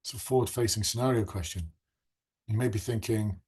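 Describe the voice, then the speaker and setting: Middle-aged male coach with a husky voice, casual and chatty, runs a live online class. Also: lowish voice, brisk, darkish tone. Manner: chatty, reacts to viewer comments. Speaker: police recruitment coach.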